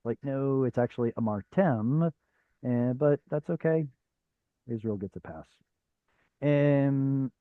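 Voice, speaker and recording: A man's voice: medium pitch, dry recording, phone-quality sound. A man teaching a Hebrew reading class over a video call, patient and step by step, with frequent fillers. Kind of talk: live online class teaching.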